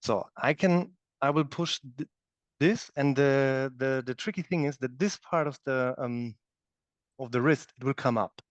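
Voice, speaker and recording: A man's voice: mid-range voice, unhurried, no room sound. A man teaching a live yoga class, demonstrating the moves as he explains them and often checking in with "okay?". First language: German. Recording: dull, dry studio recording.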